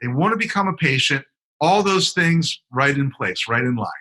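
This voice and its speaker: A man's voice: medium pitch, animated, normal speed, bright, forceful tone, low-quality recording. A man co-hosting a dental podcast, explaining and teasing his co-host in casual chat. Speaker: dentist co-host.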